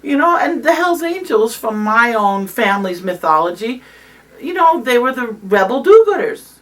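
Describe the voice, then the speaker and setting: A woman around sixty recounting memories in an oral history interview. She tells stories in an animated way, with many fillers. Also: on the high side, moderate pace, distant mic.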